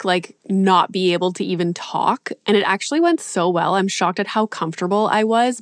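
A woman's voice: lowish voice, no echo. Gushing woman podcast host, dry sound. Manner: gushing, enthusiastic. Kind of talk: podcast intro and interview.

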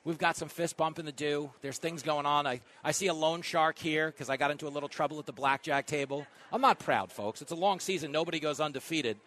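A man hosting a talk radio show live from an event, riffing through a comedic monologue with big swings in loudness. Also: on the high side. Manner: fast joking riffs, big swings in loudness.

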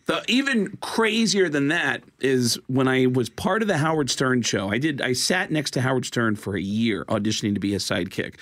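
A male comedian and impressionist telling comic stories in a casual chat, animated and laughing along. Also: medium pitch, moderate pace, few pauses. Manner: animated, slips into voices, laughs while telling.

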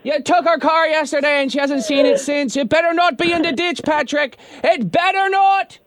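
A man's voice: high-pitched, fairly quick, a little hiss or hum, pitched above the performer's own voice. A man putting on an Irish accent as a rambling prank caller looking for his wayward brother. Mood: yelling. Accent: put-on Irish. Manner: brash, rambling, hamming it up. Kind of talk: prank phone call.

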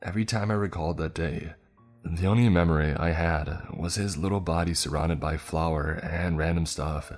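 A man narrating a scripted first-person horror story in a steady, dramatic way. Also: sits low, normal speed, faint music behind.

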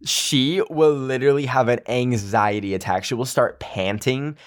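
A man's voice: medium pitch, steady tone, normal speed, no echo, clean studio sound. A young man hosting a podcast, telling a story in a casual, emotional way, full of "like" fillers. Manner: chatty, filler-heavy with frequent "like", emotional. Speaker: podcast host.

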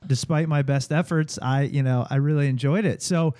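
A man in his late twenties hosting a casual podcast interview, friendly and quick to laugh. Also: on the high side, steady tone, dark tone, no echo. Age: 20s. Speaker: podcast host.

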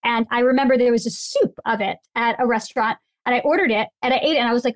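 A woman, a food writer, chatting casually as a podcast guest, emphatic and opinionated with quick asides. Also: fairly high pitch, no echo.

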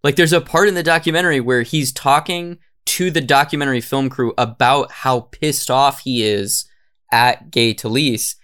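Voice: mid-range voice, fairly even intonation, normal speed, fairly bright tone, clear, resonant tone. A podcast co-host casually recapping a documentary, swearing often. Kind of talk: casual comedic chat.

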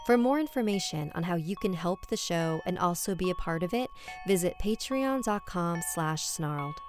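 A woman hosts a horror podcast and reads a scary story in a hushed, measured voice. Her tone sits slightly low. Music plays under her narration the whole time. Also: animated.

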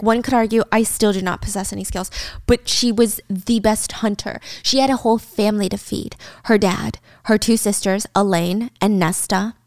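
A woman's voice: mid-range voice, no echo, studio quality. A young woman in casual chat, animatedly retelling a book's plot and slipping into quoted lines. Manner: animated storyteller, slips into character quotes. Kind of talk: casual book recap chat.

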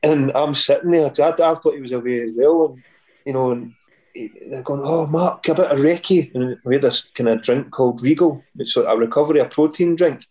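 A man's voice: medium pitch, a little fast, warm tone, poor audio. A middle-aged man with a Scottish accent, a podcast guest telling rambling stories and acting out the other people's voices. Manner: rambling anecdotes, acts out quoted voices. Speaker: guest, former footballer. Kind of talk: podcast storytelling.

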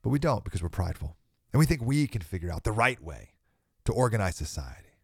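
A man's voice: low-pitched, animated, fast, darkish tone, husky, no echo. Young guy preaching on a podcast, bit under the weather, voice jumps all over, real dry close sound. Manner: earnest, emphatic, laughs between points. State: slightly sick with a cold. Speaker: podcast host. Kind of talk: preaching monologue.

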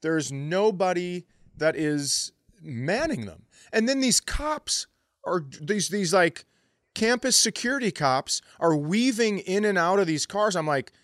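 A man's voice: high-pitched, unhurried, dry recording, studio quality. A middle-aged man co-hosting a podcast, telling a story casually, with profanity and quoted voices. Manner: animated, profane, acts out quotes in raised voice. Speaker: podcast co-host.

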